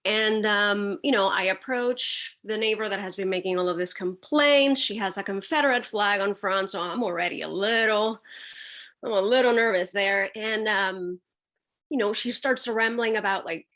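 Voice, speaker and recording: A woman's voice: mid-range voice, normal speed. A woman with a Puerto Rican accent, a photojournalist telling stories on a panel and acting out what people said to her. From Puerto Rico. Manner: animated storytelling, acting out other people's remarks. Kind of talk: casual anecdote on a panel.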